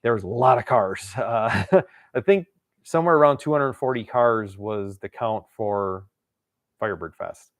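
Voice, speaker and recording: A man's voice: fairly low pitch, unhurried, no room sound, clean studio sound. A man hosting his channel, telling a long casual story with lots of laughs and acted-out quotes. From Wisconsin. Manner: rambling, laughs often, acts out quotes. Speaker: channel host.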